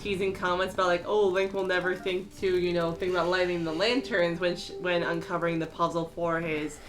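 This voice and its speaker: A woman's voice: fairly low pitch, level tone, fairly quick. A woman streamer giving casual, chatty let's-play commentary, laughing often and rambling through asides. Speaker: streamer playing a game.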